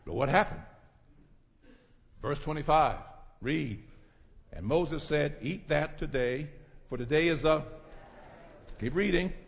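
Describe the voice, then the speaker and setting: Male pastor, high-pitched voice, preaching with wild swings from hush to shouts; dull, echoing church recording. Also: slow, vocal fry, pauses often. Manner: preaching, swings from low murmurs to shouted climaxes, calls on congregants by name. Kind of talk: sermon. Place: church sanctuary.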